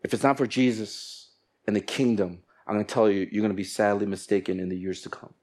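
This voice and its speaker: A man preaching a sermon in a church, animated, breaking into little acted exchanges in different voices. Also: on the low side, brisk. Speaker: pastor.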